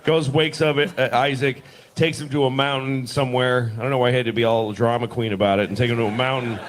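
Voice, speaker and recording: A man's voice: mid-range voice, steady tone, fast. A man performing a stand-up comedy set with sarcastic, conversational storytelling. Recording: live show with audience laughter. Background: crowd laughing.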